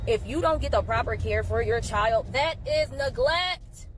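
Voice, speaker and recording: A woman rants in a high voice, angry and emphatic, cursing freely. The clip is noisy, with traffic sounds behind her. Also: measured pace. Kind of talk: ranting social media clip.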